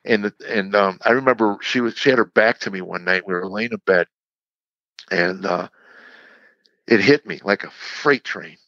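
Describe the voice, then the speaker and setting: A man, a comedian guest on an interview show, telling a candid personal story in a halting, reflective way with frequent restarts. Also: fairly low pitch, fairly bright tone, no echo. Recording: dull lo-fi sound.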